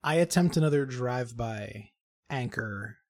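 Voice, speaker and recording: A man's voice: medium pitch, animated, a little slow. A man playing a tabletop game, playfully narrating his character's actions in first person. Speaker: player.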